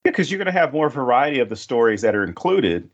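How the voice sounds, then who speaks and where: A man hosting a podcast, talking casually and rambling a bit, turning animated when he retells what people said. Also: medium pitch, fast talker, dull audio. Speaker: podcast host. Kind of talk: casual chat.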